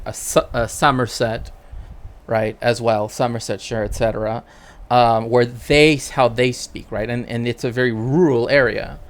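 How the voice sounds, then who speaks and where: A man talks casually on a live stream in a loose, rambling way. He works as a cultural historian and keeps tagging his points with "right?" in a mid-range voice. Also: medium pitch. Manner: rambling, tags sentences with "right?".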